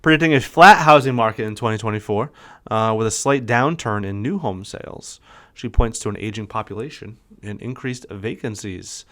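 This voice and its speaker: A man's voice: on the low side, moderate pace, a bit bright. A man co-hosting a casual podcast, upbeat as he reads out market forecasts and quizzes his partner. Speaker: podcast co-host, realtor.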